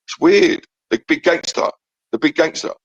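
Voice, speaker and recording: A man's voice: on the high side, animated, moderate pace, breathy edge, no echo, highs cut off. A man arguing angrily on a call-in show, hurling insults and repeating himself. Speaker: caller. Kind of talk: heated argument on a call-in show.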